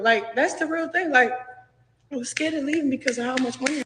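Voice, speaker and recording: A woman speaks frankly and profanely about her own life, acting out what people said to her. Her voice is high and bright. The clip sounds roomy, with a long echoing tail. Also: quick pace. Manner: blunt, profane, acts out what was said. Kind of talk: candid personal retelling. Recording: echoey clip with long reverb.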